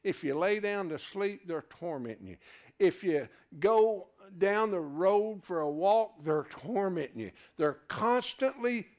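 A man preaching a sermon to a live congregation. He moves from loud, emphatic declarations to quiet, low asides and calls his listeners folks. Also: animated, measured pace.

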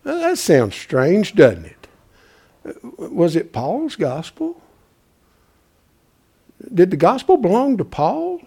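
A man preaching a folksy sermon, calling out to his congregation and swinging from loud to hushed. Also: sits high, wildly swooping pitch, takes it slowly, gravelly, pauses often, breathy edge.

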